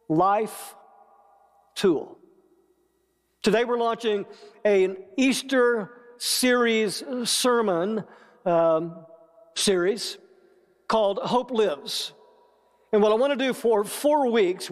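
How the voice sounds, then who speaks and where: Slow-preaching pastor, echoey church hall. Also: male voice, sits high. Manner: slow, deliberate preaching with playful asides. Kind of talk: sermon. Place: church sanctuary with long reverb.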